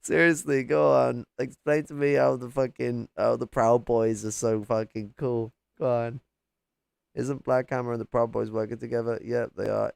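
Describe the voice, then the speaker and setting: A man's voice: medium pitch, vocal fry, darkish tone, smooth, dry recording. A man in a heated, profane livestream rant, mocking and arguing with chat. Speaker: livestream host.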